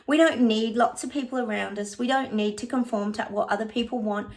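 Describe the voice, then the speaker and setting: A woman's voice: a little high, fairly quick. A woman giving a casual psychic reading, chatting to her viewers as "guys" and breaking into bits of song. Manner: breaks into short bits of song and laughs often.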